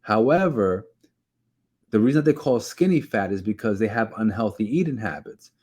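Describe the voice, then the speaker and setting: A man's voice: fairly low pitch, animated, moderate pace, a little mellow, breathy edge. A man from New York with a New York accent, giving conversational advice straight to his viewers and checking in with "okay?" and "right?". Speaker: keto and weight-loss video host. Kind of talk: direct-to-camera advice talk.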